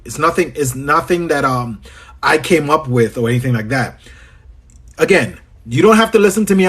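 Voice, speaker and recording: On a livestream Q&A, a Trinidadian business coach with a husky voice on the high side, a bit bright, coaches his audience. He has his country's accent, keeps things chatty, names viewers as he greets them and repeats phrases.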